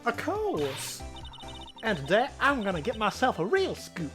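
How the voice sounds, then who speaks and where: A man's voice: high voice, wildly swooping pitch, unhurried, over music, pitched above the performer's own voice, heavily acted. A man voicing a brash, perky woman photographer with a put-on Southern drawl, reading game dialogue. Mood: exuberant. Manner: loud, exclamatory drawl.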